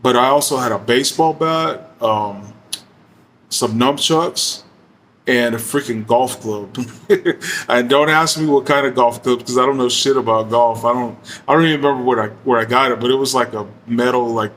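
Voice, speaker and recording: Laid-back man telling a rough story. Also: mid-range voice, moderate pace, a bit bright, slight background noise. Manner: laid-back, slangy and profane, heavy use of fillers. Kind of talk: casual storytelling.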